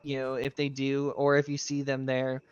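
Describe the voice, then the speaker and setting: A streamer playing a sheriff trains a new recruit in a casual roleplay chat, rambling through stories, laughing often and swearing casually. His mid-range voice is monotone and normal in speed, with a clean tone on lo-fi sound.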